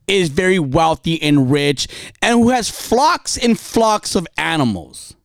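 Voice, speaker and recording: A man giving an impassioned spoken sermon, telling a story dramatically and shifting between quiet confession and fiery urging. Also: high-pitched, smooth, no echo, studio quality.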